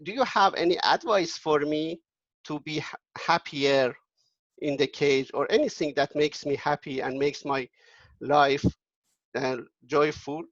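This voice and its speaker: A man voicing a caged male pet parrot who speaks politely and longs to fly free, in an earnest, halting way. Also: on the high side, fairly bright tone, dry recording, highs cut off. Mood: pleading.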